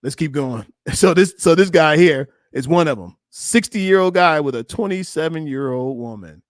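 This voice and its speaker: A man who is a relationship coach and host, giving animated live-stream commentary on video clips and repeating himself as he urges viewers to like. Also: fairly high pitch, moderate pace, no room sound, studio quality.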